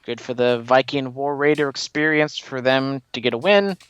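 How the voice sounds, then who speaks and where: A man's voice: mid-range voice, moderate pace, a bit bright, clear, resonant tone, no room sound, dull audio. A man co-hosting a casual wrestling podcast, talking in long, opinionated runs full of "you know". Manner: rambling, opinionated, many you-knows. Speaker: podcast co-host.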